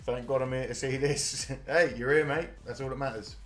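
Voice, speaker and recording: A man's voice: mid-range voice, steady tone, moderate pace. British male host, live reaction commentary, casual and jokey, mid voice, faint music bed. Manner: chatty, laughs often, casual swearing.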